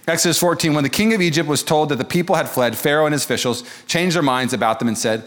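Fast-talking pastor preaching. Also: male voice, fairly high pitch. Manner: energetic, joking, conversational preaching. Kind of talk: sermon. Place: church service before a congregation.

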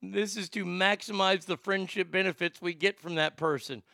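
A man's voice: high-pitched, fairly even intonation, normal speed, gravelly, bright, forceful tone, dry recording. A man hosting a comedic talk show, ranting in a profane, sarcastic way into a close studio mic. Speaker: host.

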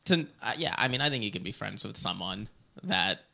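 A man appearing as a comedian guest on a podcast, talking casually and haltingly with many restarts. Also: lowish voice, animated, vocal fry, sharp tone. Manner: hesitant, halting, full of restarts.

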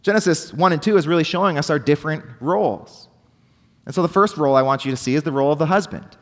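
A young pastor delivers an earnest sermon, his voice sitting a bit high for a man. He peppers the congregation with rhetorical questions, sinking to hushed tones and then pressing his points with force. The room trails a long reverb behind each phrase. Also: fast. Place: church hall.

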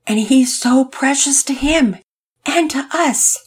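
A woman's voice: high voice, slow, voice pushed up. A woman voicing a cheerful father who speaks patiently and tenderly to his son. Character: warm, cheerful father, middle-aged man.

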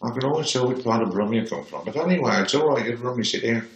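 A man's voice: mid-range voice, expressive, quick pace, echoey room, slight background noise, pitched above the performer's own voice, natural voice. An older man doing an impression of a drunk, friendly male rock star with a Birmingham accent. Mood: chummy.

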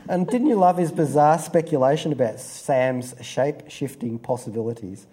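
Man, mellow, warm tone, amused, rambling review chat. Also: medium pitch, normal speed, few pauses, slight background noise. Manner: enthusiastic, amused, rambling with fillers. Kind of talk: casual review commentary.

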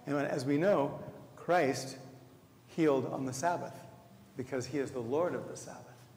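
A man, a deacon, preaching a sermon in a measured, reflective way with slow emphatic pauses. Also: mid-range voice, a little mellow. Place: church sanctuary. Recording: echoey church hall, faint ambience.

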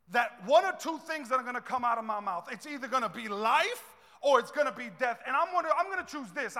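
A male pastor preaching a sermon, swinging between soft asides and loud, repetitive declarations. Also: very high voice. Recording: long reverb in a large hall.

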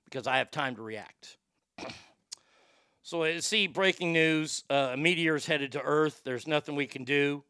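Male host, profane rambling comic rant, tense bright voice, dry close sound. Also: on the high side, a little slow, clear, resonant tone, no echo. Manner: crude, rambling, stammers and repeats words. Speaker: show host.

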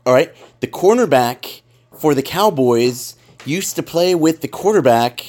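A man's voice: a little high, expressive, unhurried, darkish tone. A man in casual podcast chat, rambling and emphatic, swearing freely as he makes his points.

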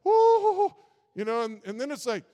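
High-voiced man preaching in a hall. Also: lively intonation. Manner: halting, repeats words, folksy and earnest. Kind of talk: sermon.

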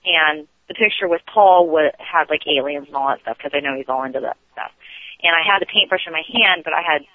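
A radio show guest phones in and tells a casual, rambling story, restarting it many times. He speaks fairly quickly in a fairly high voice, heard on a tinny line with no room sound.

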